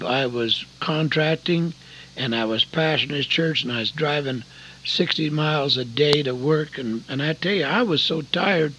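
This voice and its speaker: An older man from Oregon preaching a sermon, earnest and folksy, telling a story with sudden loud emphasis. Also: a little high, a little hiss or hum, poor audio. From Oregon, USA.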